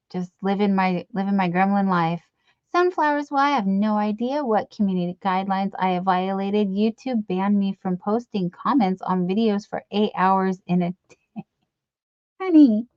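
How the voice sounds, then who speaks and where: A middle-aged woman hosts a late-night live stream, chatting and reading out comments in a rambling, giggly, affectionate way full of fillers. Her voice sits a little high, and the lo-fi recording has no echo.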